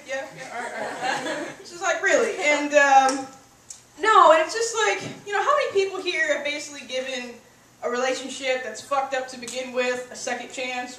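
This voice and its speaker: A woman's voice: high voice, bright, forceful tone, slight background noise. A young woman performing a brash, profane stand-up comedy routine. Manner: brash, profane, punchy delivery. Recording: echoey room, far from the mic.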